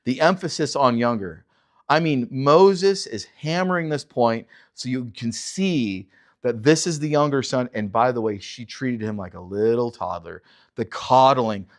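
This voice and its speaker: A man, a pastor, teaching verse by verse with animated delivery, rhetorical questions and chuckling asides. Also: medium pitch, measured pace.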